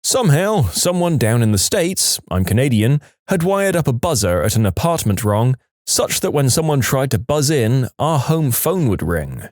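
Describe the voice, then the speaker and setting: A man reads reader-submitted stories aloud in a scripted narration. His delivery is animated, and his pitch swings widely. The recording is close and dry. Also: moderate pace, no room sound. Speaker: story narrator.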